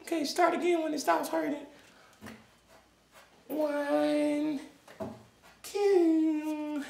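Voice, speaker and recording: A woman's voice: high-pitched, fairly even intonation, very slow, creaky, darkish tone, exaggerated voice. A woman acting as a restless little kid stuck indoors, chattering in a childish sing-song and whining. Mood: playful. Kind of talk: comedic character vlog. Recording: echoey room, distant mic, faint noise.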